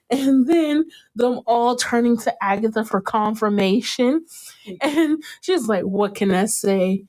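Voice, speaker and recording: A young woman hosting a casual podcast, recapping an episode and acting out what the characters said with sudden jumps in pitch and frequent laughter. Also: unhurried. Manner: animated, acts out quotes in a jumped-up pitch, laughs often. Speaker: podcast host.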